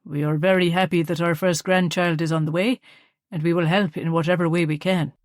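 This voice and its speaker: Audiobook figure: a woman reading a reserved Irish father, few words, soft and low. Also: steady tone, fairly quick, dry recording, clean studio sound, natural voice. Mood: shy. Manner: shy, brief. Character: shy quiet Irish father, soft-spoken.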